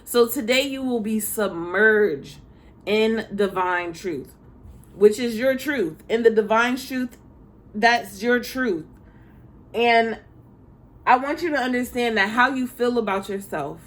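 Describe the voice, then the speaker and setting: A woman in a mid pitch talks straight to her viewers in a loose, candid way. She swears freely and laughs often. It sounds like an unscripted spiritual chat with her audience. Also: fairly bright tone. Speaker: spiritual teacher, former schoolteacher. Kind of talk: casual spiritual talk to viewers.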